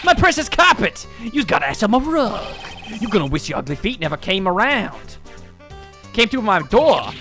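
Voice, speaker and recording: A woman voicing a loud, bullying male mob boss with a gruff, roaring delivery in a video game playthrough. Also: medium pitch, sing-song, moderate pace, faint music behind, pitched above the performer's own voice. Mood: menacing.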